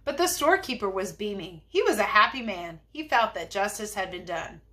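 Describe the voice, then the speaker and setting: A woman teacher reading a chapter book aloud, in an expressive, lively way. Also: mid-range voice, a little fast. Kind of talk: storybook read-aloud.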